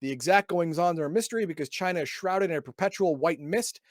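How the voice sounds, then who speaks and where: A man with a somewhat high voice reads from a role-playing book, then breaks off into wry, sarcastic comments. He trips over his words and repeats himself as he goes. The sound is dry and close. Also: quick pace, no room sound. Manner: stumbles and repeats words often. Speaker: podcast host reviewing a game book. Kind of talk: casual chat reading and riffing on a book.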